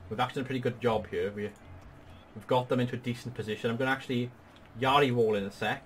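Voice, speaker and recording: A man's voice: medium pitch, fairly even intonation, rapid-fire, slight background noise. Upbeat man guiding a strategy game. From Wales. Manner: explanatory, patient, upbeat. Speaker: gaming channel host. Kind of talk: strategy game tutorial commentary.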